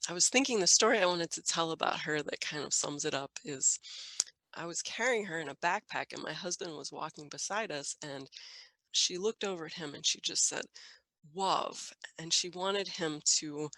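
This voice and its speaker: A woman in her thirties from Minnesota, a guest in a casual interview who tells stories warmly and laughs often. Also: low voice, moderate pace, no echo. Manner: warm storytelling, laughs often. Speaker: guest parent.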